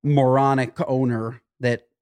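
A man's voice: medium pitch, a little slow, clear, resonant tone. A man co-hosting a podcast, telling an anecdote in casual chat and acting out the people in it. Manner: animated storyteller, voices the people in his stories. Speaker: podcast co-host.

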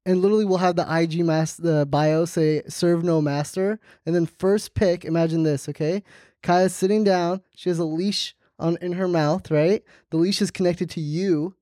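A male podcast co-host with a high voice talks in a playful, teasing way. He pitches silly ideas and laughs a lot. The sound is close and dry. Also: fairly even intonation, moderate pace, dark tone, no echo. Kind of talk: casual chat.

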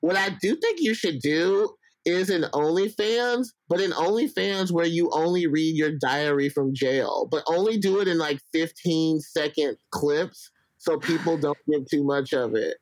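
A man's voice: a little high, measured pace, no echo, low-quality recording. Playful, profane, rambling male guest from Alabama, dry close sound. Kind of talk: casual interview chat.

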